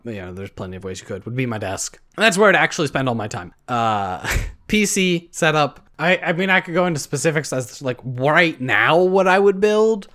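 A laid-back American man co-hosts a casual gaming podcast. He talks in an easy, offhand way, swears now and then and laughs often. His voice sits at an ordinary middle pitch. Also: a bit bright. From United States. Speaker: podcast co-host. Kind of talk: casual chat.

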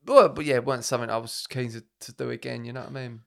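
A man chats on a podcast with a gravelly, mid-pitched voice. He tells stories in a casual, jokey way, swearing freely and breaking into laughter. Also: steady tone, rapid-fire. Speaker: podcast co-host. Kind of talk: casual chat.

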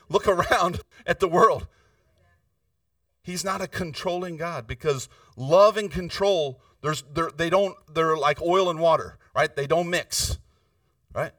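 A man's voice: a little high, moderate pace, a bit bright, dry recording, studio quality, distant mic. A man preaching a conversational sermon as a pastor, earnest and personal, often checking in with "right?".

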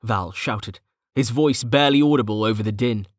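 A man narrating a fantasy novel in a steady, measured storytelling voice. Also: mid-range voice, no echo, clean studio sound. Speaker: audiobook narrator.

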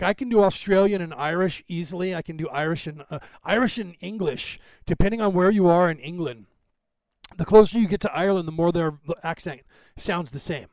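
An American man hosts a podcast in loose, rambling commentary, full of fillers and restarts. His voice sits on the high side for a man and sounds dry and close to the mic. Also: darkish tone, no room sound. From United States. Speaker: podcast host. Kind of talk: casual commentary.

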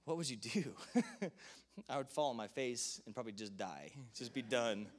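A male preacher giving a sermon, telling stories in an animated way with frequent laughter. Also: mid-range voice, normal speed. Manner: animated storytelling, laughs often.

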